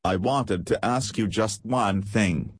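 A man's voice: lowish voice, slow pace, slightly rough, dry recording. A man reading the part of a proud society lady who speaks urgently and pleads.

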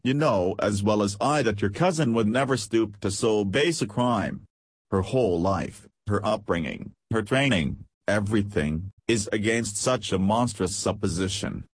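Indignant young gentleman, earnest and firm, read by a man, low voice. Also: unhurried, slightly rough, no echo. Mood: stern.

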